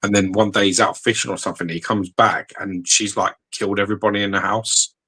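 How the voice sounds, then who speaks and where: Man, very deep voice, bright forceful tone, husky, sweary casual chat. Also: steady tone, quick pace, poor audio. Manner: loose and sweary, with many fillers.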